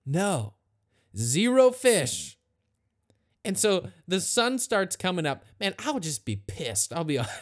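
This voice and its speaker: A man teaching a Bible passage in a casual, conversational way, retelling the story with lively asides. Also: sits high, measured pace. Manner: conversational, animated retelling with acted quotes. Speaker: pastor.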